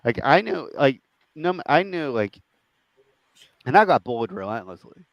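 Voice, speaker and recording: A young adult man with a mid-pitched voice, recorded dry and close. He talks earnestly and haltingly, searching for words and restarting sentences in casual chat. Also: sing-song, creaky, no room sound, lo-fi sound. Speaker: podcast co-host.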